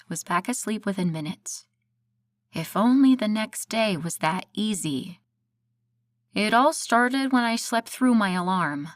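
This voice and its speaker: A woman narrating a first-person audiobook in a steady, measured storytelling voice. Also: on the low side, dry recording.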